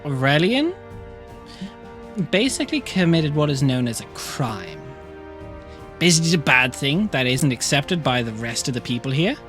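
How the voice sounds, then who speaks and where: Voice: mid-range voice, very animated, moderate pace, long pauses, fairly bright tone, soft background music. A game master narrating a live tabletop game, laughing often as the story unfolds.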